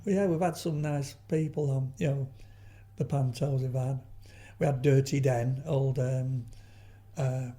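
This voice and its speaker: A man's voice: mid-range voice, steady tone, unhurried, warm tone. Older man telling rambling anecdotes. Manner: rambling storyteller, frequent restarts and trailing asides. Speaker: guest, veteran comedian. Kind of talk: anecdotal interview chat.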